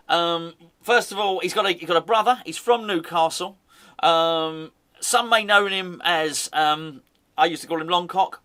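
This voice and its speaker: A man's voice: a little high, unhurried, sharp tone. A man hosting a fan channel, rambling and joking in casual football chat, often correcting himself mid-sentence. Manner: rambling, jokey, self-correcting.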